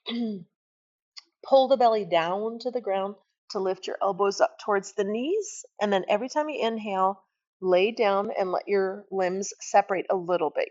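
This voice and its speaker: A woman teaching a guided yoga class, giving calm step-by-step cues and often checking in with a quick "right?". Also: mid-range voice, dull audio.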